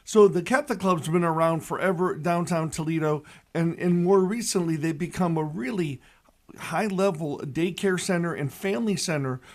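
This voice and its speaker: Older pastor, 60s, high voice, animated storyteller. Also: male voice, normal speed. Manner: animated storyteller who shouts the punchlines. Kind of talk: radio reflection and joke telling.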